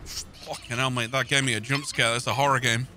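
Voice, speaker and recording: A man's voice: mid-range voice, little pitch movement, brisk, noisy background. A young man joking and swearing through a co-op game, calling everyone mate. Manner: jokey, swears a lot, calls everyone mate. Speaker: gaming channel host. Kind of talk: casual gaming banter.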